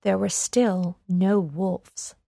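A woman narrating a children's read-along storybook in a clear, expressive way, recorded on a close mic. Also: mid-range voice, extremely slow, dry recording.

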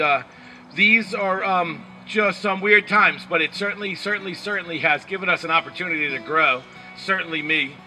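A man's voice: a little high, bright, forceful tone, slight background noise, low-quality recording. A man from the Bronx, a laid-back, joking yoga teacher welcoming a class in his backyard. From the Bronx, New York. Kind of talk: casual class introduction. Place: backyard, outdoors.

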